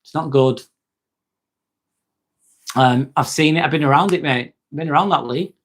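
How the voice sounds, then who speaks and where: This host's voice is fairly high and moves at a moderate pace. A man from Northwest England with an East Lancashire accent, he runs a casual livestream chat, reading viewer comments, easygoing and matey, swearing freely and calling everyone mate.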